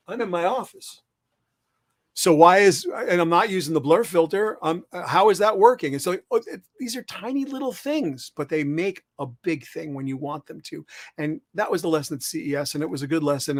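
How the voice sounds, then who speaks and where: A man speaking from his office as an author guest, animated and quick to act out little imagined conversations. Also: a little high, no echo. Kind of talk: conversational interview. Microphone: webcam setup with a mirrorless camera.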